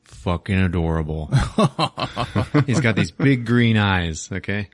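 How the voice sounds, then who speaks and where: A man's voice: fairly low pitch, expressive, slow, dry recording. A man hosting a podcast, retelling a film plot in a casual, profane way and slipping into silly character voices. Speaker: podcast host. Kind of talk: casual movie recap.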